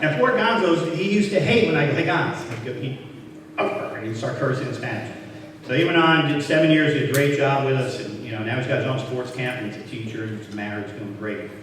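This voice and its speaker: A man's voice: mid-range voice, quick pace, noisy background. An older man giving a self-deprecating, anecdote-filled speech at an awards event, acting out old conversations as he goes. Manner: anecdotal, self-deprecating, quoting others in dialogue. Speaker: hall of fame inductee speaker. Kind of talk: storytelling speech. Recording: echoey hall from far off.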